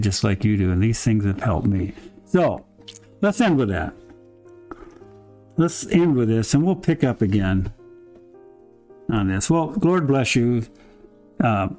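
Male pastor, mid-pitched, unhurried emphatic sermon delivery, faint music underneath. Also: mellow. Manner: slow, emphatic preaching with rhetorical questions. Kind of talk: Bible study sermon.

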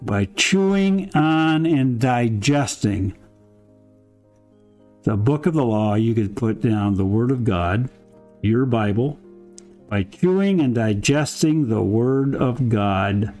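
A man as pastor, giving a slow, emphatic Bible study sermon with rhetorical questions. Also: medium pitch, animated, darkish tone, faint music behind.

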